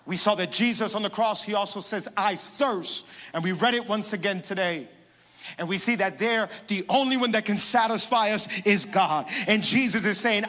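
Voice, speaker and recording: A man pastor preaching a sermon, emphatic, moving between hushed passages and loud, rising declarations. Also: sits high, normal speed, in a large hall.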